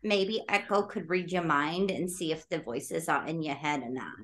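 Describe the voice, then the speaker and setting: Chatty, animated woman player. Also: low voice, normal speed. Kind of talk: casual tabletop game play.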